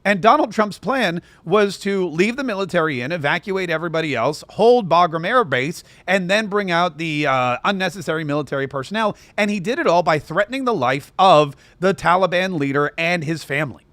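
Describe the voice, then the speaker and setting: A man hosting an opinionated political commentary show, sarcastic and prone to rambling asides. His voice sits high for a man. The sound is dry and close. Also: expressive, brisk, hardly any pauses, fairly bright tone, dry recording.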